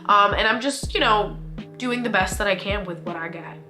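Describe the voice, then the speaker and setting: A woman's voice: mid-range voice, moderate pace, music in the background. A young woman vlogger and single mother, talking in a casual, candid and slangy way with lots of fillers. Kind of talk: casual sit-down vlog talk.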